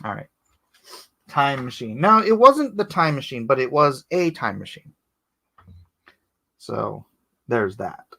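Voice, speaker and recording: A man, a comic artist, chatting casually on a live stream while he inks, rambling and growing animated as he laughs through a story. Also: mid-range voice, slow, creaky, long pauses.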